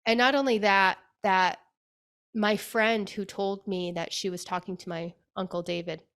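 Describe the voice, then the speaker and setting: A woman's voice: medium pitch, steady tone, a little slow, a bit bright, clear, resonant tone. A woman being interviewed on a podcast as a spirit medium, telling a personal story in a chatty way, often saying "like" and acting out her own past words.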